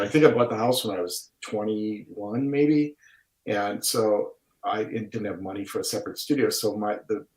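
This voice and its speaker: A man with a Wisconsin accent talking reflectively and at length in a casual conversation, with drawn-out vowels. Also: fairly low pitch. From Wisconsin, USA. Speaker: guest artist. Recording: roomy echo.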